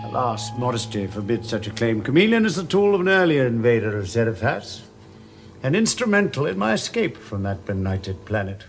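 An actor playing a suave, scheming male villain in a 1980s TV drama, with a smooth, theatrical delivery over music. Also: mid-range voice, big pitch swings, a little fast. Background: music score.

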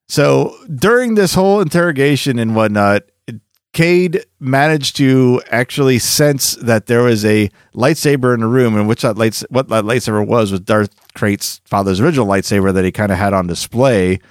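A man's voice: mid-range voice, lively intonation, normal speed, no echo, studio quality. A man hosting a podcast, recapping comic lore in a chatty storytelling way with jokey asides. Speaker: podcast host.

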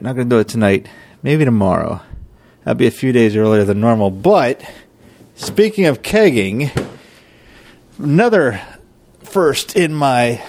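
A man's voice: mid-range voice, darkish tone, no echo. A man hosting a podcast, giving a casual, rambling update and thinking aloud as he goes. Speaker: podcast host, home brewer.

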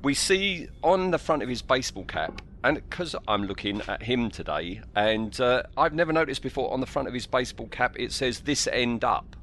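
A man's voice: medium pitch, big pitch swings, moderate pace, hardly any pauses, fairly bright tone, slight background noise. A man co-hosting a podcast, chatting casually and recounting film scenes in detail. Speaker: podcast co-host. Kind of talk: casual chat.

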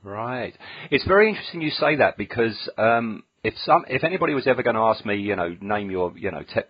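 A man's voice: lowish voice, very animated, a little fast, husky, no echo, highs cut off. A man hosting a casual podcast chat, musing aloud with dry jokes and many fillers. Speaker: podcast host.

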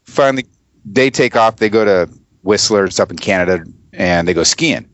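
Deep-voiced, blunt, swearing man in his forties. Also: fairly quick, dry recording, dull audio. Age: 40s. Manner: blunt, swearing, animated when quoting. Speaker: podcast guest. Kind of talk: casual chat, profane storytelling.

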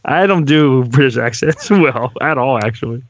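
A man's voice: medium pitch, normal speed, muffled recording. A man co-hosting a podcast in a laid-back, joking way, talking loosely. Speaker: podcast co-host. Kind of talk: casual chat.

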